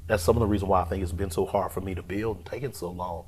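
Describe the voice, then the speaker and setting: A middle-aged man from Omaha, a pastor, telling his story in an interview in an animated, conversational way. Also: deep voice, racing, a little hiss or hum. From Omaha, Nebraska, US. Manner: animated, acts out quoted voices, vernacular phrasing.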